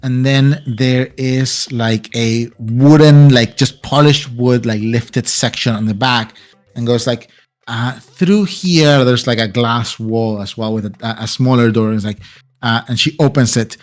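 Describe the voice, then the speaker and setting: A man narrating as game master of a tabletop game, halting with fillers and restarts. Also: mid-range voice, fairly even intonation, soft background music. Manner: hesitant, many fillers and restarts.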